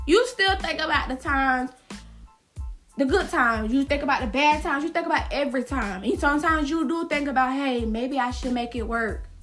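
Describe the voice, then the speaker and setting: Brief: high-pitched woman host of a gossip podcast, sassy and slangy. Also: fairly bright tone. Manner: sassy, repeats lines for emphasis, slangy. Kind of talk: casual solo gossip podcast.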